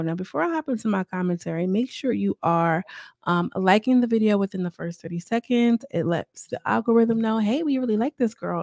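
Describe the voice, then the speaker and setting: A young woman talking through a reality show episode in a chatty, animated way, full of slang and asides. Her voice sits at an ordinary middle pitch for a woman. It is recorded dry and close, with no room sound. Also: no echo. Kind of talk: casual commentary.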